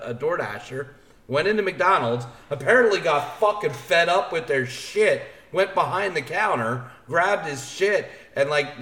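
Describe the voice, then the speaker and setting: A man on a podcast, heated and swearing freely as he rants through casual chat. His voice sits a little high, and it rings with a roomy echo. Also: fairly bright tone. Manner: profane, fired-up ranting. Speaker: podcast co-host.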